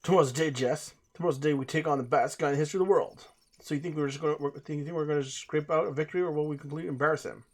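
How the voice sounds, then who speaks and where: A man's voice: fairly high pitch, fairly even intonation, racing. A man doing Kyle, cocky brash young guy.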